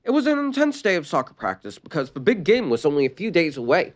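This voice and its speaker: A storyteller reading a fan-written sad story aloud, expressive and stumbling on a few words. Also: mid-range voice, quick pace.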